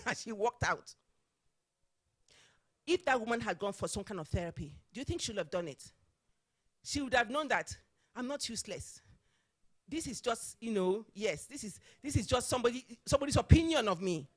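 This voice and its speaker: Lady speaker, chatty and animated, laughs a lot. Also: fairly high pitch, moderate pace. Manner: animated, acts out dialogue, laughs often. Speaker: conference speaker, former HR manager. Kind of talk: storytelling talk.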